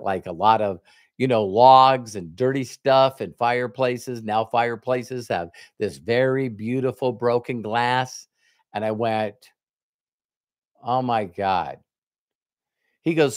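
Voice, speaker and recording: Middle-aged guy doing a motivational sales talk, lively up-and-down voice, plays both people in his stories. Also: medium pitch, no echo, studio quality. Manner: animated storyteller who acts out both sides of conversations. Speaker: network marketing trainer. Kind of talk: motivational talk with retold dialogue.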